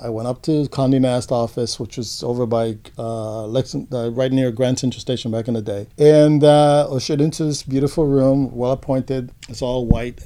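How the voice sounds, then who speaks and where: An older man being interviewed, telling stories from his career in a relaxed, reflective way with frequent fillers. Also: mid-range voice. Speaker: interview guest, photographer.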